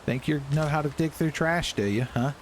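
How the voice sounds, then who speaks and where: A man giving loud, profane, joking commentary while playing a video game. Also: fairly high pitch, moderate pace, a little hiss or hum. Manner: loud, profane, jokey, yelling at enemies. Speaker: gaming streamer. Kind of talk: casual gameplay commentary. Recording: gameplay music behind voice.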